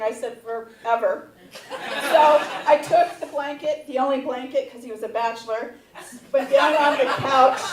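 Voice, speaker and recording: A woman's voice: sits high, far from the mic. A menopausal woman in her fifties doing stand-up, telling a candid personal story on a theater stage with the audience laughing. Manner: candid, builds to shouted reenactments. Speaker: stand-up comedian. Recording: roomy theater sound from afar.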